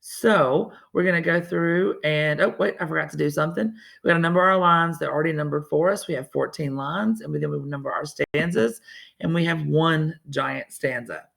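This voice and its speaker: A woman's voice: low-pitched, normal speed, creaky, fairly bright tone. A woman teacher with a Southern US accent, explaining a poetry lesson step by step in a chatty way, with self-correcting asides. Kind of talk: recorded online reading lesson.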